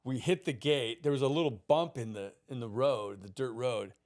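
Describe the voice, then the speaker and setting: A man hosting a podcast, telling an animated anecdote in casual chat and laughing often. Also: medium pitch, moderate pace. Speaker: podcast host.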